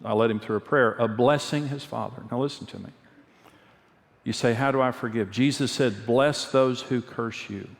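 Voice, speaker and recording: A man's voice: mid-range voice, fairly quick, vocal fry. Male pastor, mid-range voice, earnest storytelling sermon, recorded with long hall echo. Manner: earnest storytelling, repeats key phrases. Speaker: pastor and marriage speaker. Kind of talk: conversational sermon with personal stories. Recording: long reverb of a large hall.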